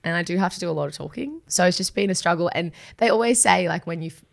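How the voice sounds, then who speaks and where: A woman with a croaky, slightly raspy voice, co-hosting a podcast in friendly, rambling talk. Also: fairly low pitch, quick pace. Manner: friendly, rambling, many fillers. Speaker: podcast co-host. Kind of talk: casual chat.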